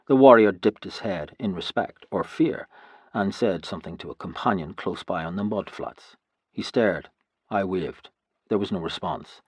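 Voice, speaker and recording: A man reading a historical novel aloud in the first person, telling the story in a measured way. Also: low-pitched, slightly rough, dry recording. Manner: measured storytelling, voicing every character himself. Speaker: audiobook narrator. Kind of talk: first-person scripted narration.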